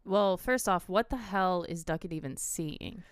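A woman's voice: on the low side, animated, unhurried, clear, resonant tone, no room sound, studio quality. A woman co-hosting a podcast, chatting casually about a horror movie and wondering aloud about what she saw. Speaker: podcast co-host. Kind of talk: casual movie review chat.

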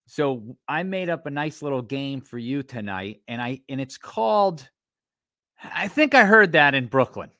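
A man's voice: medium pitch, expressive, a little slow, pushed and bright, no echo, studio quality. A man co-hosting a casual podcast, explaining a game in a playful, teasing way. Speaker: co-host.

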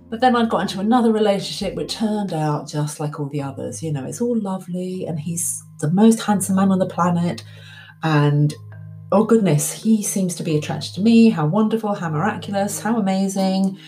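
A woman in her forties, candid and reflective, telling a personal story and acting out the things she once told herself. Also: mid-range voice. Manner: candid, reflective, animated when quoting her past self. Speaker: speaker.

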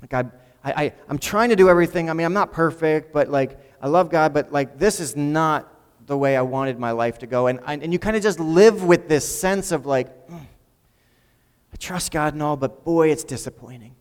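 A man's voice: fairly high pitch, normal speed, smooth, big-room sound. A man preaching a sermon in a conversational way, often repeating words as he builds a point. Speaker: pastor.

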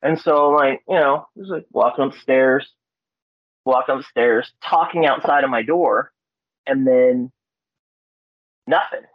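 A man from Alaska, a podcast guest, telling ghost stories in a casual way, with lots of fillers and animated quotes. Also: measured pace, pauses often, dry recording. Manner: animated, acts out quotes with loud high-pitched voices; laid-back, frequent fillers and swearing. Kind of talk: casual storytelling. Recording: dull lo-fi podcast audio.

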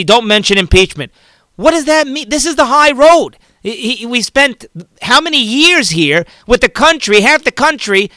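A man's voice: high-pitched, sharp tone, smooth, no room sound. A man hosting a political talk show, giving fervent, rambling commentary and often repeating and restarting his words.

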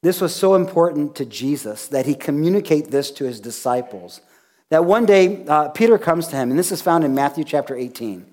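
Lively, animated male preacher. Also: fairly high pitch, brisk. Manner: animated storytelling, acting out dialogue. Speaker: pastor. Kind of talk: sermon.

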